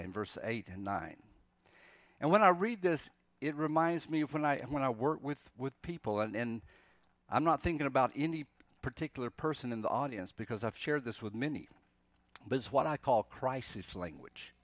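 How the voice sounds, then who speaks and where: A man preaching a sermon in a conversational way, dropping to a soft, pleading voice when quoting scripture. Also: a little high, expressive, normal speed, no echo. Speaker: pastor.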